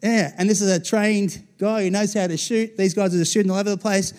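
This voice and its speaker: A man's voice: sits high, fairly even intonation, brisk, a little mellow. An Australian pastor in his forties giving a conversational sermon, often checking in with the congregation. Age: 40s.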